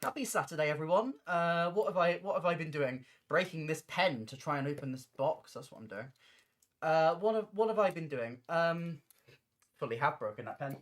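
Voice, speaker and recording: Loud, giggly woman livestreaming. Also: sits low, expressive, normal speed. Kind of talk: casual livestream chat. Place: home, building on the floor.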